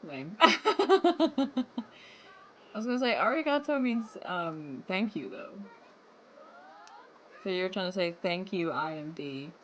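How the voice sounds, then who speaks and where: A woman's voice: lowish voice, lively intonation, takes it slowly, long pauses. A young woman game streamer chatting casually with her live chat and laughing often between lines. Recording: noisy room ambience.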